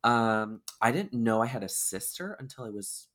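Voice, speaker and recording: A man's voice: medium pitch, animated, normal speed, a bit bright. A man from Washington State, a drag performer chatting as a podcast guest, rambling and giggly. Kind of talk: casual chat.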